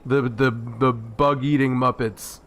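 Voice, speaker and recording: A man's voice: medium pitch, fairly even intonation, a little slow, a bit bright, slight background noise. A young man chatting casually with a friend, with a dry delivery that sounds sarcastic. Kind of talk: casual chat.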